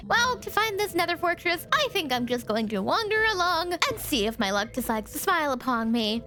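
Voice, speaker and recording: A woman's voice: high-pitched, very animated, a little fast, hardly any pauses, sharp tone. A young woman narrating her gameplay in a cheerful, chatty way that breaks into squeals and giggles. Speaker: gaming YouTuber. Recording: faint background music.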